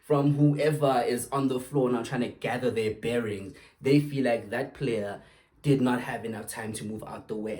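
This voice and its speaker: A man's voice: medium pitch, darkish tone. A young man hosting his own show, ranting angrily about football refereeing with lots of swearing and sarcastic outbursts. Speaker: podcast host. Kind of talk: angry football rant.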